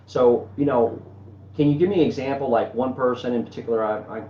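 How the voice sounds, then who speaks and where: A man's voice: medium pitch, a little fast. A man hosting an interview, asking questions in a conversational, prompting way. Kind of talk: casual interview talk. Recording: echoey, dull lo-fi with faint noise.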